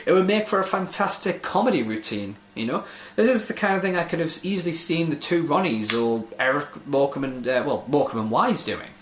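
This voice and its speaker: A man's voice: on the high side, expressive, brisk, fairly bright tone. A man hosting a casual online video, sardonic and swearing freely as he comments, in an echoey room. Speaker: host.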